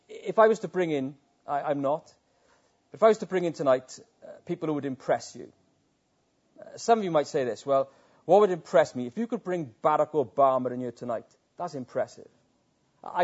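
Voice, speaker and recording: Earnest preacher, dull lo-fi sound. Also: male voice, fairly high pitch, a little mellow, breathy edge. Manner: earnest, rhetorical, with stammered restarts. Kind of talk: evening sermon. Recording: dull lo-fi recording.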